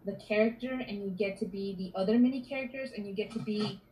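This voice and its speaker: A woman guest writer in a casual interview, chatting and telling stories in an animated way. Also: medium pitch, fast, poor audio.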